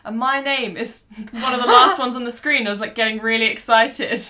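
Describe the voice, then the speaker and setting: Bright, laughing English woman co-host. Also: fairly high pitch, a little fast. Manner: lively, laughing storyteller. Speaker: podcast co-host. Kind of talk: casual chat.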